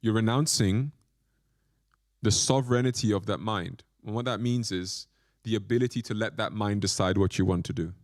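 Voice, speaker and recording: A man's voice: lowish voice, moderate pace, dry recording, clean studio sound. A man, a monk, giving a spiritual lecture with playful, self-mocking asides and short phrases repeated for emphasis. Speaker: monk teacher.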